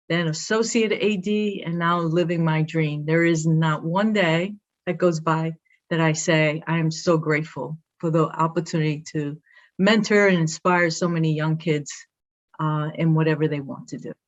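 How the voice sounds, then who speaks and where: A woman's voice: low-pitched, fairly even intonation, moderate pace. Proud Brooklyn-accented woman, lo-fi. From Brooklyn, New York. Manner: upbeat, proud, storytelling. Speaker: guest, athletic director. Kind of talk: casual interview.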